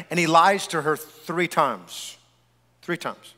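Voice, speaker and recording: A male pastor preaching a sermon to his congregation, animated and joking, talking straight to the people in the room. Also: sits high, moderate pace. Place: church sanctuary. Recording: long church-hall reverb.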